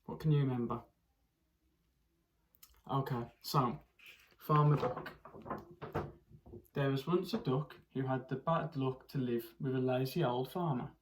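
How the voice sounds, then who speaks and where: A primary school teacher reads a picture book aloud to children, pausing to ask them questions and doing expressive character voices and animal noises. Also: mid-range voice, a little hiss or hum. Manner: pauses to ask young listeners questions.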